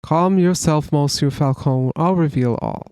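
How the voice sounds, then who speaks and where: Guy reading a slick dramatic bird con man, flowery and evasive, kinda high voice. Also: a little slow, darkish tone, faint music behind. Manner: grand, flowery storytelling delivery.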